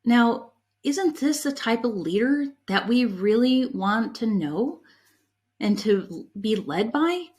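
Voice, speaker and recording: A middle-aged woman giving a conference talk on leadership, an animated storyteller who is candid and emotional about her past. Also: fairly high pitch, takes it slowly. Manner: animated storyteller, acts out quoted people in her anecdotes. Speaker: conference breakout speaker on leadership.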